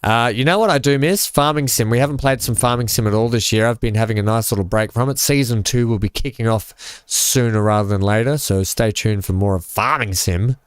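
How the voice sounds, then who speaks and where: An Australian man hosts a live game stream, joking, laughing often and chatting casually with viewers as he plays. His mid-range voice is brisk, clear and resonant, with clean studio sound and no room noise.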